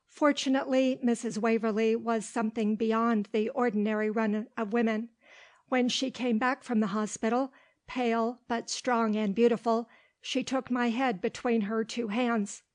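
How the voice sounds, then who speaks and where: A woman narrating an audiobook with steady, clear storytelling. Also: on the high side, normal speed. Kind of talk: audiobook reading.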